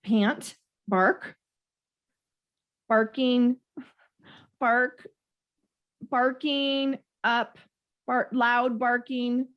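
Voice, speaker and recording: A woman's voice: fairly high pitch, fairly even intonation, drawn-out words, pauses often, highs cut off. A woman co-hosting a podcast in casual chat, reacting with enthusiasm and expression. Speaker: podcast co-host.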